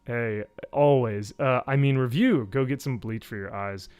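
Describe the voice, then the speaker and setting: A man in a casual live-stream review, talking in a sarcastic, animated way with many fillers. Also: measured pace, smooth, soft background music. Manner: animated, sarcastic, many fillers, mimics people with high voices. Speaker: YouTube reviewer.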